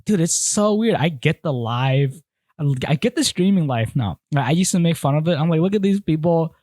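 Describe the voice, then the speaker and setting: A man's voice: fairly high pitch, normal speed, dry recording. Young man, podcast host, candid storyteller, dry close sound. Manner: candid, animated storytelling with acted-out quotes. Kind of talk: casual podcast chat.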